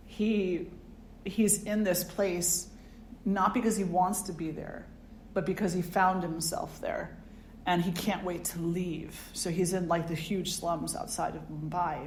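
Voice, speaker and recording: A woman spiritual teacher gives a satsang talk in a reflective, conversational way and turns often to the audience with questions. Her voice sits on the low side. The sound carries in a roomy hall with a faint background hum.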